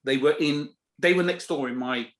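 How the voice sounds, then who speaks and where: A man, a comedian guest, telling a casual story and acting out the people in it with big jumps in his voice. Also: moderate pace. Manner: animated, acts out quoted voices with big pitch jumps.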